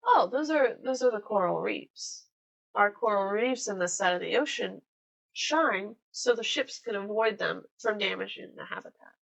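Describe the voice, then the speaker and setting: A woman's voice: mid-range voice, expressive, normal speed, gravelly, fairly bright tone, breathy edge, highs cut off, full character voice. A woman voicing a blustering male ship captain who scolds and explains to his crew in a tabletop game. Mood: explaining. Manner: indignant, scolding.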